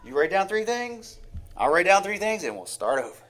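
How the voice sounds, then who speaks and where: Guy preaching, high voice that swoops all over, sighs a lot, acts stuff out. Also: sing-song, moderate pace, fairly bright tone. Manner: heartfelt, with sighs and acted-out examples. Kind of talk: sermon.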